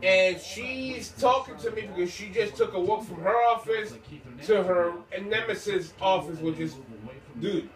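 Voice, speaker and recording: A man teasing and ranting in an animated, joking way as he talks to the camera, repeating himself for effect. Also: high-pitched, a little slow, echoey room, distant mic, a crowd in the background, rough recording.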